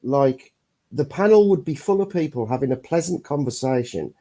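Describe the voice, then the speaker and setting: A man's voice: mid-range voice, lively intonation, moderate pace, warm tone. A man hosting a casual chat, bantering bluntly and swearing a lot.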